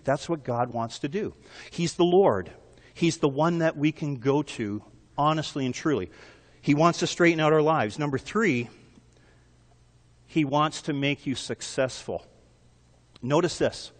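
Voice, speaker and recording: A man's voice: a little high, in a large hall. A male pastor preaching a sermon in an earnest way, building emphasis with repeated phrases.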